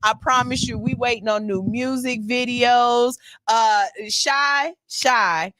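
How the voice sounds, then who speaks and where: A woman's voice: on the high side, takes it slowly, a bit bright, dry recording, clean studio sound. A woman hosting a morning radio show, chatting casually with loose, playful banter and cursing freely. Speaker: station engineer.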